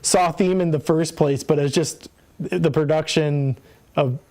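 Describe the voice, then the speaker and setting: High-voiced rambling podcast host man. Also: fairly even intonation, a little slow, warm tone. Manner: rambling, laughs often, trails off. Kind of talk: casual chat.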